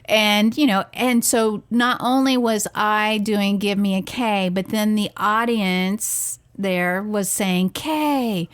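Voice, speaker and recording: A woman co-hosting a parenting podcast, telling a family story in casual, animated chat with frequent restarts. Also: medium pitch, smooth, dry recording.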